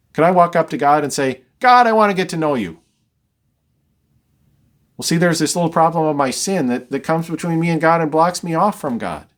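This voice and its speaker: A man teaching a verse-by-verse Bible study, reading scripture and explaining it conversationally with dry, wry asides. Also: fairly high pitch.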